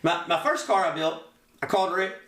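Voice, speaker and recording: High-voiced Kentucky man, roomy. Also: steady tone, a little fast, a bit bright. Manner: storytelling, laughs a lot, quotes others. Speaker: podcast host. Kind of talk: casual chat. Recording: roomy and off-mic.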